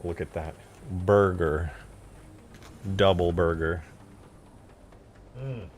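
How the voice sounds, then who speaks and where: A man live-streaming, chatting casually and excitedly with his viewers while eating and reacting to videos. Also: deep voice, extremely slow, slight background noise. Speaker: livestreamer reacting to game mod videos.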